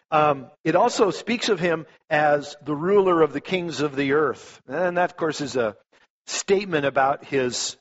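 A male pastor preaching a sermon in a conversational way, telling stories with lots of restarts. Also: medium pitch. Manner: conversational, animated storytelling, frequent restarts. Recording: dull lo-fi recording.

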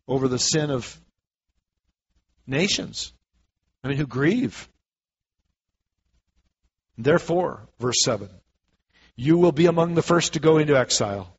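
A man's voice: medium pitch, husky, lo-fi sound. A man preaching a sermon, reading scripture aloud and then explaining it in casual everyday words. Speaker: pastor.

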